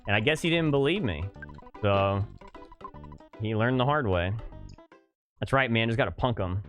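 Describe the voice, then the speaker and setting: A man's voice: mid-range voice, expressive, normal speed, a bit bright, soft background music. A young man streaming a game, telling a rambling story to his chat with lots of fillers and swearing. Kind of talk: casual chat to a live stream chat while playing.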